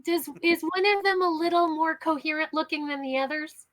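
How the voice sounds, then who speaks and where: High-voiced woman asking questions. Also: fairly quick, a bit bright, no room sound. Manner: questioning, slightly confused. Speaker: player. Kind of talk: tabletop game play.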